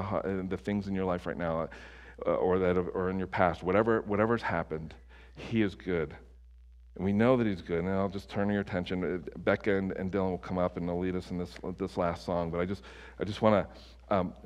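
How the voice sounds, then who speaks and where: Impassioned male pastor in a reverberant hall. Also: on the low side. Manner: impassioned, rising to near-shouting peaks, many restarts. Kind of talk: sermon.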